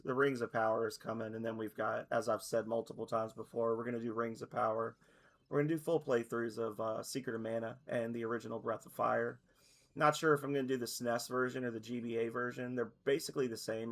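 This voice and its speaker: A man in his thirties chatting casually on a stream, rambling and correcting himself, his voice a little hoarse. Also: medium pitch. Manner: rambling, loose, self-correcting. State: slightly hoarse.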